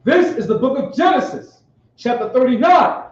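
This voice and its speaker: A man reading scripture aloud in a slow, loud, formal way during a Bible class. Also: extremely high pitch, animated. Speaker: scripture reader. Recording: distant, very echoey, dull lo-fi.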